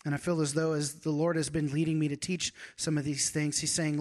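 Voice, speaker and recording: A man's voice: a little high, little pitch movement. Earnest pastor, a man with a raised voice. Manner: earnest, heartfelt, slow and hushed at times. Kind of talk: sermon.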